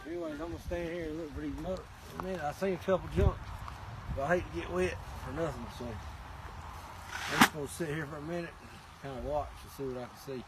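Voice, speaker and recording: A man's voice: on the high side, quick pace. A man with a Southern US country accent hosting a fishing vlog, chatting casually to viewers in a rambling, folksy way outdoors. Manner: rambling, folksy, chuckling asides. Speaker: fishing channel host. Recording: loud outdoor vehicle and wind noise.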